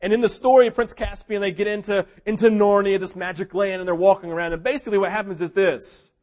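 A man preaching a sermon in a fairly high voice. He tells his story with animation, rising to loud, excited peaks and dropping to quiet, hushed moments, and briefly acts out the characters as he goes. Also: fast talker. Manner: mimics characters in quoted asides. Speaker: pastor.

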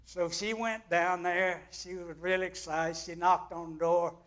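A male pastor preaches a sermon in a high voice at a slow, deliberate pace. He tells his stories with drama, and his delivery swings from near-hushed to loud. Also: little pitch movement. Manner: dramatic storytelling with big swings in loudness.

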